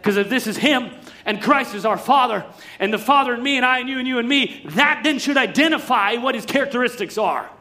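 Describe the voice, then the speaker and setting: A man preaching a sermon in an emphatic manner, swinging from loud preaching to quiet asides. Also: extremely high pitch, brisk.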